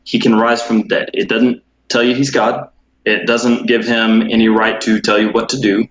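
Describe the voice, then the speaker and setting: Lower-voiced man in an echoey room. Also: flat delivery, moderate pace. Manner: questioning, thoughtful, hedging. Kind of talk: casual conversation. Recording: echoey room with faint background noise.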